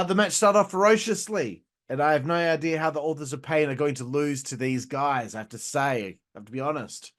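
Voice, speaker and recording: Sweary, rambling man reviewing wrestling. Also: fairly high pitch. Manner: rambling, sweary, laughs at his own jokes. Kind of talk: casual profane video review.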